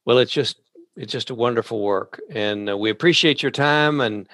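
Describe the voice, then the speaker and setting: A man hosting a podcast interview, speaking haltingly with many restarts. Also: mid-range voice, a bit bright, no room sound. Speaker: podcast host.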